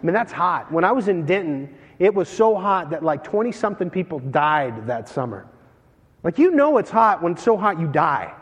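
A man preaching a sermon as pastor, animated and joking as he tells stories between scripture readings. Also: a little high, normal speed, breathy edge. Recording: long hall reverb.

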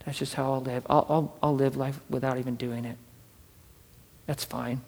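A man preaching a sermon from scripture, fervent, swinging between loud urging and hushed asides and repeating words as he builds a point. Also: mid-range voice, flat delivery, moderate pace, vocal fry, big-room sound. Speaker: pastor.

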